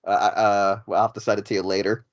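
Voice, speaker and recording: A man's voice: on the low side, flat delivery, fast talker, no echo, muffled recording. A man hosting a live interview in a casual, friendly way, laughing and often repeating his first words as he starts a sentence. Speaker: interview host.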